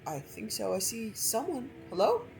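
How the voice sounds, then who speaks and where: A woman's voice: on the high side, big pitch swings, moderate pace, creaky, darkish tone, faint music behind, voice pushed up, rough recording. A woman voicing an anxious father of the house who calls out and gives orders while reading a game story aloud. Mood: calling. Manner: calling out, commanding.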